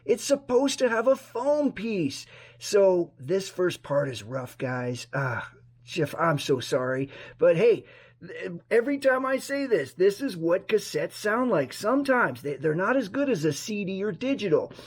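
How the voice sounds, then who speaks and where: A hoarse man chatting casually to his vlog camera at home, rambling and talking himself through each step. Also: high voice, big pitch swings, a little slow. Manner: chatty, rambling, self-talk. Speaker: vlogger. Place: room at home. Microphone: action camera on a mini tripod.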